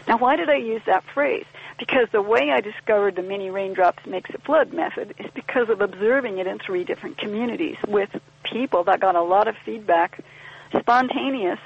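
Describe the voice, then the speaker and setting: A woman's voice: medium pitch, fairly quick, creaky, breathy edge. A woman guest on a podcast, explaining ideas in a thoughtful, wry conversational way and acting out little quoted exchanges. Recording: dull lo-fi podcast audio.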